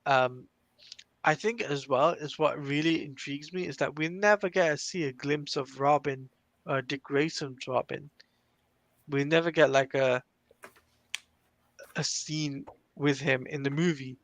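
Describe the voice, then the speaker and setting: A British man chats easily about comics, tossing in quick questions to the others. His voice sits fairly high. The sound is dry and close. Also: a bit bright, no echo. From Britain. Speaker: podcast co-host. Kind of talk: casual chat.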